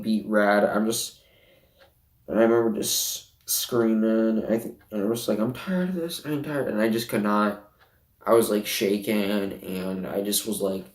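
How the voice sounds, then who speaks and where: A teenage boy speaks to his camera in a low-pitched, sniffly voice. He stumbles through fillers and broken restarts. The sound is roomy, with his voice set back from the mic. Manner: halting, with many fillers and restarts. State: sniffly, emotional. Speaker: vlogger. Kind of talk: personal confessional vlog. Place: bedroom at home. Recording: roomy, from some distance.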